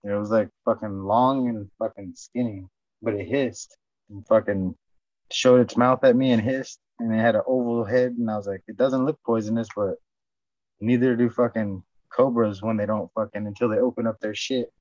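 A man's voice: lowish voice, fairly even intonation, normal speed, a little mellow, dry recording. A man telling rambling, profane stories in casual chat and acting out what people said. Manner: profane storytelling, acts out quotes. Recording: dull dry lo-fi sound.

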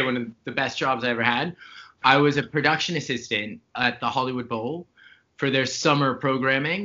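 A man's voice: mid-range voice, bright, forceful tone. A man chatting as a guest from his home bar on a video call, cheerful and rambling, often laughing. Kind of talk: casual interview chat. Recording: dull lo-fi video-call sound.

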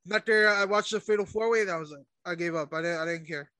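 A man's voice: high-pitched, fast talker, sharp tone, dry recording. A laid-back man co-hosting a casual wrestling chat, talking loosely and swearing now and then. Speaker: podcast co-host.

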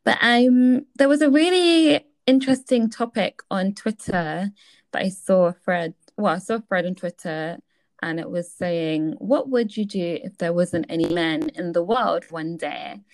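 A young woman co-hosting a casual podcast chat, animated and acting out quoted voices as she talks. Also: on the low side, unhurried. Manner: animated, acts out quoted voices, laughs often.

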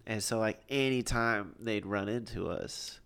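A man's voice: lowish voice, a little slow, vocal fry, fairly bright tone, clean tone. A young man co-hosting a casual chat, joking and rambling through a story with lots of fillers. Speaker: podcast co-host.

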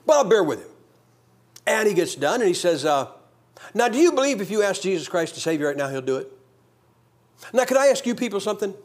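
A man preaching a revival sermon, telling his own testimony in an animated storytelling way that swings from loud to hushed. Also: sits high.

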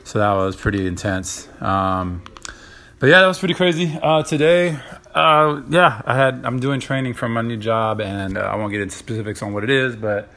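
A man's voice: mid-range voice, normal speed, pushed and bright. A young man hosting a casual solo podcast, rambling with lots of fillers and profanity. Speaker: podcast host.

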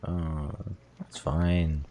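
A man's voice: very deep voice, flat delivery, extremely slow, dark tone, no room sound. A man playing a tabletop game, cracking mischievous jokes. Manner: joking, mischievous. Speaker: player.

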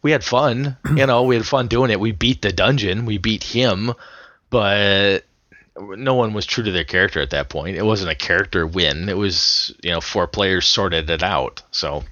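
A man's voice: lowish voice, moderate pace, sharp tone, no room sound, muffled recording. A man co-hosting a casual podcast chat, telling a rambling story with many restarts and the odd swear word. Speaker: podcast co-host. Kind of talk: casual chat about tabletop gaming.

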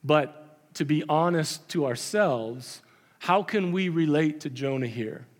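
A man's voice: a little high, takes it slowly. A man preaching a sermon as pastor, conversational with emphatic repetition. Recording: long hall reverb.

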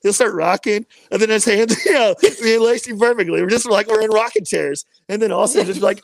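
A man in casual chat, telling animated stories, laughing often and acting out other people's voices. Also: high voice, brisk, gravelly, few pauses, no room sound, studio quality.

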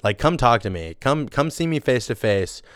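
A man's voice: mid-range voice, very animated, moderate pace, a bit bright, no echo. A man co-hosting a podcast, a little drunk, chatting casually in a rambling, joking, profane way. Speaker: podcast co-host. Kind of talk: casual chat.

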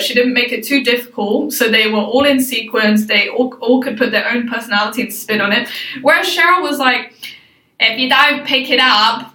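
A woman co-hosting a casual chat, animated, laughing often and acting out quotes. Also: a little high, roomy sound, distant mic, rough recording. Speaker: podcast co-host.

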